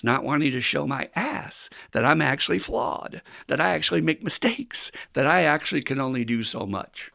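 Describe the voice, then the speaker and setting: A man's voice: medium pitch, creaky, fairly bright tone, dry recording, clean studio sound. An older man hosting a recovery podcast, speaking bluntly and plainly, swearing casually and acting out the voices of people he quotes. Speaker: podcast host.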